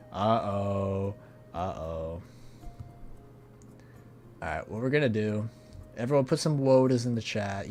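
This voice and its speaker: Laid-back slangy young guy streaming. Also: fairly low pitch. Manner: laid-back, slangy, often trails off quietly. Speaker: streamer hosting a charity stream. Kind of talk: casual livestream chat with viewers.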